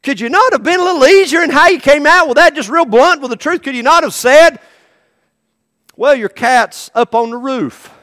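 A man's voice: very high-pitched, lively intonation, normal speed, a bit bright, no room sound, clean studio sound, big-room sound, voice pushed up. A preacher voicing an exasperated wife who scolds her husband for being too blunt, in a raised, pleading tone. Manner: pleading, complaining.

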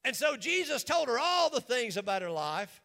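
A man's voice: extremely high pitch, big pitch swings, normal speed, bright, forceful tone. A man preaching a sermon in a church, with an emphatic, repetitive cadence. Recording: long reverb of a large hall.

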